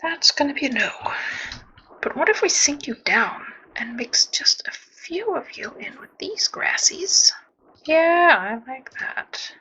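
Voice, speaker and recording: A woman's voice: sits high, very animated, takes it slowly, sharp tone, dull audio. A woman chatting casually as she plays a zoo-building game, talking to the animals, making playful sound effects and muttering half-whispered asides. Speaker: gameplay streamer building a zoo. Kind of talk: casual commentary while playing.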